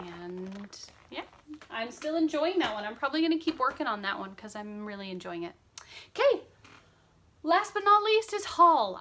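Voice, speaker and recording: A woman's voice: on the high side, sharp tone, slight background noise. A woman in her thirties chatting casually at home about her cross stitch projects, upbeat and sleepy. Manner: chatty, upbeat, lots of fillers. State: sleepy, yawning. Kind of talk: casual chat.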